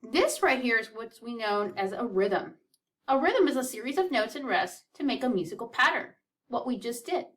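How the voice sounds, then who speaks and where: A woman's voice: fairly high pitch, sing-song, moderate pace, far from the mic. A woman teaching a children's music lesson, counting beats aloud in an upbeat, encouraging way.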